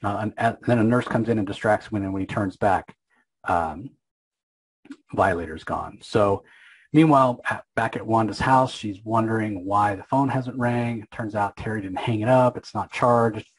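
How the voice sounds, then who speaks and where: Husky low-voiced man recapping comics. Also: normal speed, low-quality recording. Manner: rambling, opinionated, many fillers. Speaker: comic book recap host.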